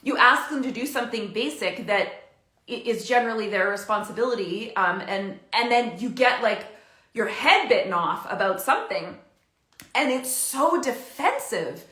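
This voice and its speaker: Talking to camera at a normal speed, a chatty woman in her thirties offers relaxed parenting tips. She sounds bright and a bit high, full of filler words and small laughs, and her voice echoes around the room.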